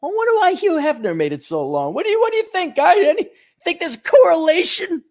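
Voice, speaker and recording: A man's voice: extremely high pitch, big pitch swings, fairly quick. Profane rambling male talk host. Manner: profane, sarcastic rambling with mock voices. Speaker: show host. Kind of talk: rambling monologue.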